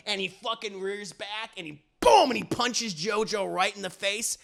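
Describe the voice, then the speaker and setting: A young man recapping a TV episode in a casual, animated, profane way, stammering often. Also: high-pitched, normal speed, gravelly, hardly any pauses. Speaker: TV reviewer.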